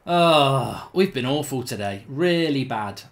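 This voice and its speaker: A man's voice: medium pitch, lively intonation, takes it slowly. A middle-aged man commentating his football video game as a host, exasperated and swearing as he groans at his team. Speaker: gaming channel host. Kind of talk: live gameplay commentary.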